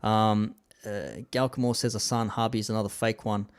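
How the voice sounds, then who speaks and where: A man's voice: on the low side, flat delivery, moderate pace, clean tone. Laid-back guy hosting a commentary chat, reading comments, keeps saying "man". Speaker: commentary show host.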